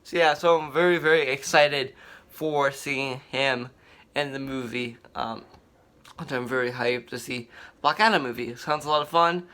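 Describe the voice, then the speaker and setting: A young man rambling excitedly in casual fan commentary, repeating himself often. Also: mid-range voice. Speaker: vlogger.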